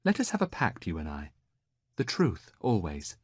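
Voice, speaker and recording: A woman's voice: rumbling low, wildly swooping pitch, normal speed, slightly rough, dry recording, exaggerated voice. A man voicing a proud, sarcastic young priestess in an audiobook, speaking in a dry, mocking way. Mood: frank.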